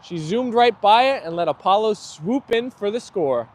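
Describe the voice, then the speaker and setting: Hosting a livestream outside, this young man talks in a high, animated voice at a normal pace. His dogs play nearby as he reads out viewer comments, relaxed and chatty, often breaking into laughter.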